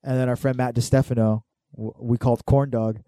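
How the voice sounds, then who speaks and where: A man's voice: mid-range voice, level tone, a little fast, warm tone, dry recording, clean studio sound. A man in his thirties chatting casually as a co-host, telling rambling stories full of swearing and fillers. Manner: rambling, profane storytelling with lots of fillers. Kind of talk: casual chat.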